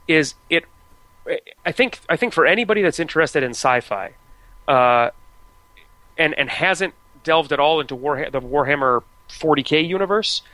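This is a fairly high, pushed, bright male voice on a poorly recorded track with no room sound. He's an American podcast co-host rambling casually about video games, full of fillers and false starts.

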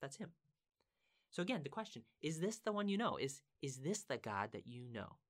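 A man's voice: mid-range voice, big pitch swings, normal speed. A man teaching from the Bible in a casual, conversational way. He is earnest and emphatic, repeats words for stress and asks his listeners questions.

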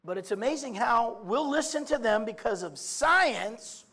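A man delivers a sermon in a very high, animated voice at an unhurried pace. He swings between quiet musing and loud shouting, often stammering, restarting, and repeating "I mean."

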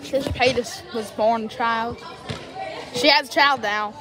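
A woman's voice: a little high, steady tone, unhurried. A woman on a casual podcast, firing off teasing questions outdoors.

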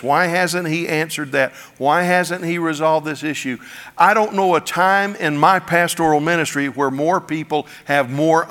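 A male pastor preaching a sermon, telling stories with folksy humor and animated delivery. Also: a little high. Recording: long hall reverb.

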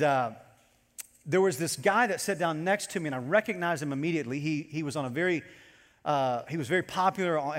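A man preaching a sermon to his congregation as pastor, animated and storytelling as he goes. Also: fairly high pitch, long reverb tail.

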